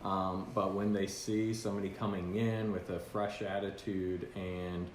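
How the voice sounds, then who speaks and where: Low-voiced guy hosting a podcast, talks things through with lots of ums, echoey room. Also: level tone, a little slow. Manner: earnest, reflective, many ums and uhs. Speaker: podcast host. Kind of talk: casual chat. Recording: roomy sound with faint noise.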